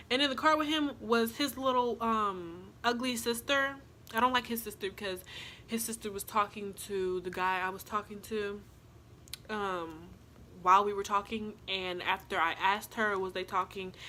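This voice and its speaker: Speaking at a medium pitch, a young vlogger spins a lengthy, lively, casual tale and performs the lines other people said. There's slight background noise.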